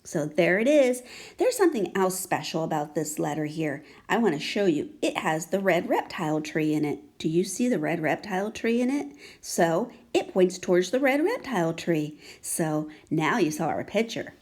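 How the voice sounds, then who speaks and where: Breathy-voiced woman, early-grades phonics teacher, lively sing-song pitch, patient and coaxing, repeats sounds slowly. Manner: patient, coaxing questions to a young child. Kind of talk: children's phonics lesson.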